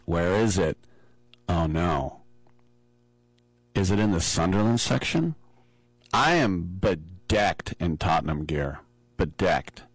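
A man casually telling a lively personal story on a podcast, acting out the quotes. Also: deep voice, slow pace, long pauses, husky, no room sound, rough recording. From from abroad, flew in to see matches. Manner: animated anecdote-telling with acted-out quotes.

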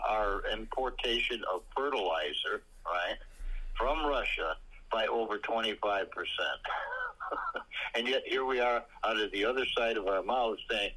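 A man's voice: lowish voice, sharp tone, husky, low-quality recording. A man in a casual political chat on the radio, speaking hesitantly with frequent fillers, then pressing his points emphatically.

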